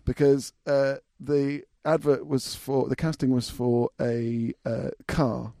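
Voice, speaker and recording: A man with an ordinary mid-range voice jokes in a dry, deadpan way. He swears casually as he talks. The recording is close and dry. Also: medium pitch, takes it slowly, no echo. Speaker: podcast co-host. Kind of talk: casual chat.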